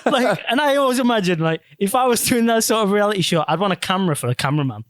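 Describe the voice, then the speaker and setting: A young man chatting on a podcast and retelling a story with lots of swearing and acted-out quotes. His voice sits a little high for a man, and it sounds dry and close to the mic. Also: quick pace, no room sound. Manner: animated storytelling, swears a lot, acts out quotes. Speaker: podcast host. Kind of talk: casual chat.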